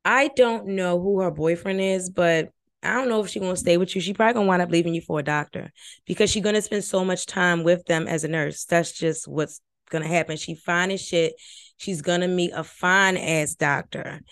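A chatty woman podcaster rambles through reality-show commentary, cursing freely. Her voice sits a little low. The sound is dry and close, with no room echo. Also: normal speed. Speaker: former nursing and medicine worker.

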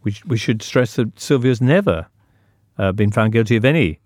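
A man with a mid-range voice hosting a chatty podcast. He steers the talk in a measured, precise way and wraps up segments. The recording is dry and close. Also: mid-range voice, lively intonation, darkish tone, dry recording. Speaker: podcast host. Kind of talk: casual chat.

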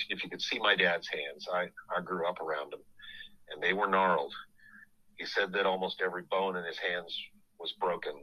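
Deep, bright-voiced man telling a story. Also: rough recording. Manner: halting, full of restarts and you-knows. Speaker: podcast host telling his family story. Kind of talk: casual storytelling.

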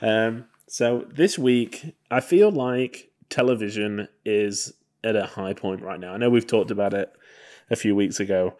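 A man's voice: fairly low pitch, unhurried, darkish tone. A man co-hosting a podcast, talking in a chatty, rambling way with many ums. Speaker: podcast co-host. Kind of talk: casual podcast chat.

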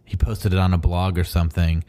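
A man with a very low voice in casual podcast chat, filling in comic history and trivia between his co-host's retellings. He talks loosely, with plenty of fillers. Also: level tone, a little fast, dark tone. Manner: adds fan background and trivia, with frequent fillers. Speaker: podcast co-host.

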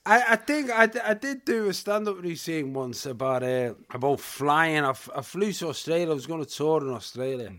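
A man talking as a podcast guest, his voice pitched high and swinging widely as he tells a story. He laughs readily and acts out the lines of the people in his tales. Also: moderate pace, few pauses. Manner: animated, laughing storyteller who acts out quotes. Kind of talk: casual chat.

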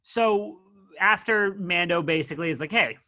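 A man chatting on a review podcast with a high, bright voice. He is blunt and sarcastic and quick to call out weak writing. His voice has a crisp, forward edge. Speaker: podcast co-host reviewing a TV episode. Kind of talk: casual chat.

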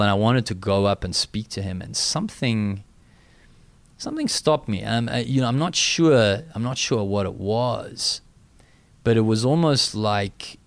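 A middle-aged South African man, a guest in an interview, speaking reflectively and haltingly with many fillers and restarts. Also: low-pitched, creaky, no echo. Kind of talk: interview conversation.

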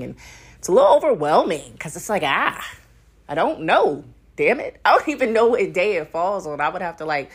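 A young woman hosting her own podcast, chatting casually and candidly, swearing freely and laughing often. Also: lowish voice. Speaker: podcast host. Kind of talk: casual solo podcast chat.

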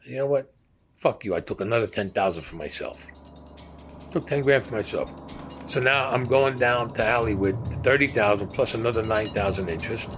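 A man's voice: on the low side, moderate pace, a bit bright, faint music behind. A man recounting stories in a blunt, profane way, acting out the dialogue as he goes. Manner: blunt, profane storyteller who acts out dialogue. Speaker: former gangster telling his story.

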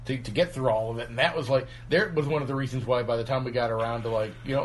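A man's voice: mid-range voice, fast, a little hiss or hum. A man co-hosting a podcast, winding through stories in loose casual chat. He pads his talk with fillers and laughs as he goes. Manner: rambling storyteller, laughs often, many fillers. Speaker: podcast co-host.

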